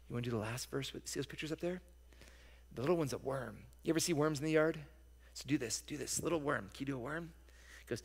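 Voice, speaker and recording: A man leading a children's message in church, speaking gently and coaxingly, and singing a simple song slowly with hand motions. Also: medium pitch, creaky, husky. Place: church sanctuary. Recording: long church reverb.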